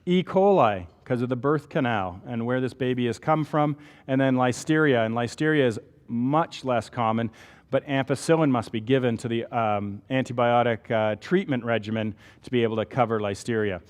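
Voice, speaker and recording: Canadian guy giving a lecture, chatty, keeps going "right?", mid-pitched voice, long hall echo. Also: normal speed. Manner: explains step by step, asks rhetorical checks like "right?". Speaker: medical lecturer. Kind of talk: conversational lecture.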